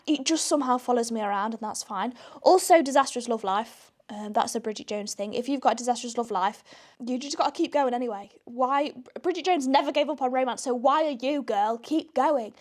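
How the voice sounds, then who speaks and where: A woman's voice: a little high, fast. A young British woman with a British accent, hosting a podcast in a chatty, self-deprecating manner, often laughing at herself. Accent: British English. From Britain. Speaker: podcast host. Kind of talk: casual chat.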